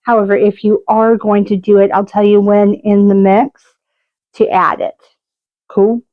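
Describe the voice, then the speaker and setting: A woman's voice: medium pitch, level tone, unhurried, no room sound, phone-quality sound. A woman hosting a casual cooking video, chatty and joking at her own expense. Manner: chatty and self-mocking, jokes about her own accents. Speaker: cooking show host.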